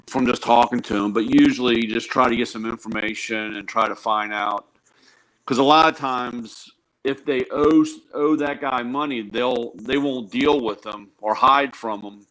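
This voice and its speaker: A man's voice: medium pitch, fairly bright tone, rough recording. A man, a tool truck dealer, chatting casually as a guest and telling wry, joking stories. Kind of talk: casual chat on a live show.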